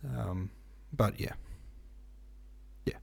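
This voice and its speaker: A man hosts his own podcast in a loose, meandering chat, stopping and restarting his sentences often. His voice sits fairly low with a gravelly edge. The tone is husky and mellow. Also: very slow. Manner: rambling and hesitant, many fillers and restarts. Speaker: podcast host and novelist. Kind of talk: casual solo podcast chat.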